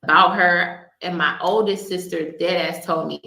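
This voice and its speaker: A woman's voice: lowish voice, fairly even intonation, normal speed, few pauses, pushed and bright. A woman guest earnestly recounting a past relationship, restarting her sentences often. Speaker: interview guest. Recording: echoey room.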